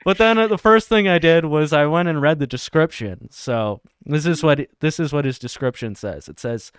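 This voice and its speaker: Dude doing a crude comedy livestream, smooth clear voice, kinda high, dry close mic. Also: male voice, normal speed, no echo. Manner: laughing, crude, reading chat and video text aloud. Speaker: livestream host. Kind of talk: satirical livestream commentary.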